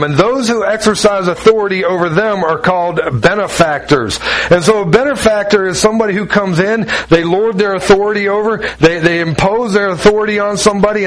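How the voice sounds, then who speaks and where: A man's voice: high-pitched, rough recording. A man preaching a folksy sermon, joking with the congregation and acting out little scenes. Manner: folksy and joking, with acted-out asides. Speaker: pastor.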